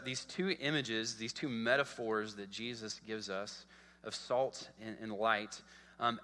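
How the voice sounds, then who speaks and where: Bright-voiced pastor preaching. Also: male voice, mid-range voice. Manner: earnest, repeats words, asks "okay?" often. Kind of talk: sermon. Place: church sanctuary. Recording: long church hall reverb.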